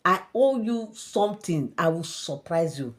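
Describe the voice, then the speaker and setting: A low-voiced, motherly queen, as a woman narrator voices her, speaking in a measured, knowing way. Her words come softly and settle, like a patient elder advising a child. The voice stays close to the narrator's own. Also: animated. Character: calm, motherly queen and prophetess, adult woman.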